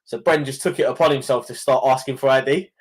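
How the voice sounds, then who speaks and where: A man's voice: mid-range voice, fairly even intonation, fast talker. Chatty laughing podcast host, a man. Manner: chatty, swears, laughs a lot. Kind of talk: casual chat.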